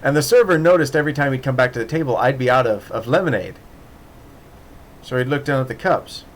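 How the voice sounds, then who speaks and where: A man's voice: medium pitch, fast talker. A man telling a casual, rambling story with many restarts and laughs, acting out voices in the quoted dialogue. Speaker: podcast host.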